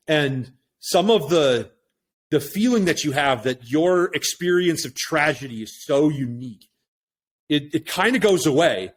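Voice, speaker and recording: A man's voice: a little high, animated, moderate pace. Reflective man tagging points with "right?". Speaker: guest. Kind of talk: casual conversation.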